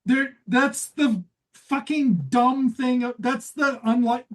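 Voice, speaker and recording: A woman co-hosting a comedy podcast in casual chat, sardonic and quick to swear, with sudden leaps in pitch. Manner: sardonic, swears freely, lively jumps in pitch. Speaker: podcast co-host.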